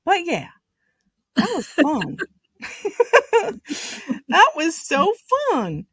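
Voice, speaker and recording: A woman hosting a casual chat, talking playfully with a slow, drawn-out delivery. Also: very high-pitched, huge pitch swings, fairly bright tone, no echo, clean studio sound. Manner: chatty, playful, drawn-out speech. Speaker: host.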